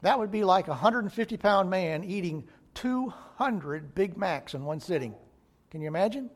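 Guy preaching a sermon, high voice, keeps repeating lines for emphasis. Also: lively intonation, moderate pace. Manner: emphatic, repeats key phrases. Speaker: pastor.

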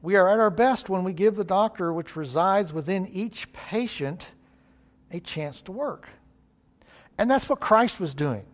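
A man's voice: high voice, expressive, unhurried. A male preacher, giving an earnest, folksy sermon.

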